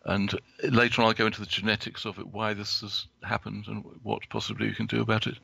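A man giving a prepared talk from notes as a guest, halting, with many restarts and fillers. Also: fairly low pitch, flat delivery, gravelly, pushed and bright, slightly rough. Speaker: guest speaker.

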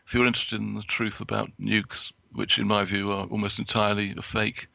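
A man with a heavily gravelly, creaky voice and a bright, sharp edge to it. He talks from prepared notes in a halting way, stopping and restarting his sentences often. The recording is close and dry. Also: lowish voice, level tone, no room sound. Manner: halting, with many restarts and fillers. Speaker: guest speaker.

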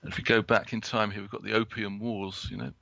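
A guest speaker, male, reads haltingly from prepared notes, restarting sentences and using many fillers. His rather low voice is heavily gravelly and creaky with a bright, sharp edge and little pitch movement. The close, dry, lo-fi recording has no room sound.

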